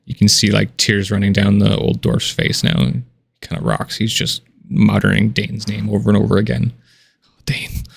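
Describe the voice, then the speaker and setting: A man runs a tabletop game, describing the scene in a casual, loose way full of fillers. His voice sits low with a gravelly rasp. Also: moderate pace, dry recording, studio quality. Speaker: game master.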